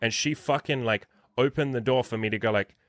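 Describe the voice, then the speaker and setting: A man's voice: medium pitch, a little fast, no room sound, studio quality. A man in his thirties hosting an interview as a dating coach, talking bluntly with plenty of swearing. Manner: blunt, profane, emphatic. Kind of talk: casual interview chat.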